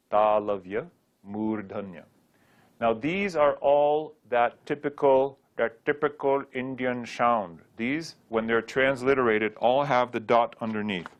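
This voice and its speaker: Man, language teacher, unhurried delivery, repeats sounds for practice, playful asides. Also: medium pitch. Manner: patient, drills sounds aloud with light joking asides. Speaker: Sanskrit teacher. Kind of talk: recorded language lesson.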